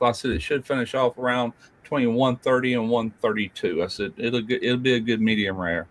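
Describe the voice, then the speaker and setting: A man's voice: mid-range voice, fairly even intonation, a little fast, few pauses. An older man hosting a casual live chat, telling blunt, folksy stories about work and family. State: feeling unwell. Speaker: host.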